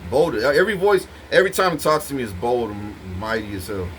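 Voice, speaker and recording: A man's voice: mid-range voice, very animated, a little fast, a bit bright, a little hiss or hum, low-quality recording. A man talking to the camera in an intense, rambling monologue full of swearing, speaking straight to his partner. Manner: intense, profane, rambling, addressing a partner directly.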